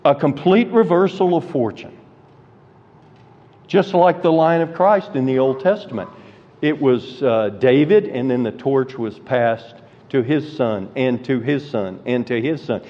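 A man's voice: mid-range voice, unhurried. A man preaching a sermon, teaching through Bible verses and asking rhetorical questions. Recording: dull lo-fi audio with hall reverb.

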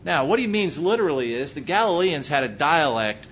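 A man's voice: sing-song, brisk, fairly bright tone. A man with a slight Texas accent preaching a sermon as pastor, emphatic and full of rhetorical questions. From Pennsylvania. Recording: muffled recording with faint low rumble.

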